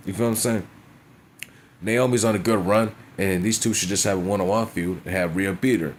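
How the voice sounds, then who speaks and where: Man, low voice, wrestling review rant, crude and blunt, light background hiss. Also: steady tone, fairly quick. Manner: blunt, profane, frequent "you know what I'm saying". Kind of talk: casual profane rant.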